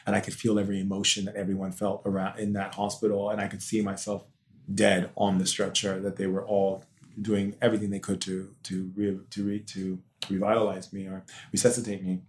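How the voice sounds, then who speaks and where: A man's voice: on the low side, completely flat delivery, a little fast. A man being interviewed on a podcast as a spiritual teacher, telling a personal story in an intense, emotional way. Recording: roomy echo.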